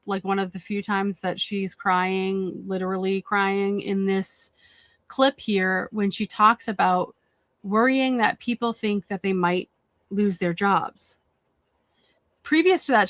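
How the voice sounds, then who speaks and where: A woman's voice: medium pitch, fairly bright tone, no echo. A woman commenting on played clips in a conversational, repetitive way with frequent fillers.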